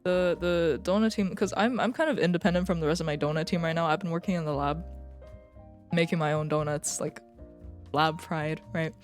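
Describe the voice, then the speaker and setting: A young woman talks on a live stream in a loose, rambling way, swearing freely and joking along the way. Her voice sits a little low for a woman. Faint music plays softly underneath. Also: steady tone, fairly quick. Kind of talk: casual live-stream chat.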